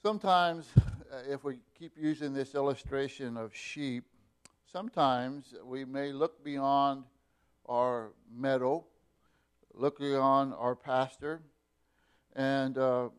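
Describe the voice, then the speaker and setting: A middle-aged male pastor preaching a sermon, speaking slowly with many repeated words and fillers. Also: medium pitch, smooth.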